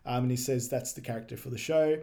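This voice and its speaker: A man co-hosting a podcast, recapping a movie in casual chat, laughing often and quoting scenes quickly. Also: medium pitch, warm tone. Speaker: podcast co-host.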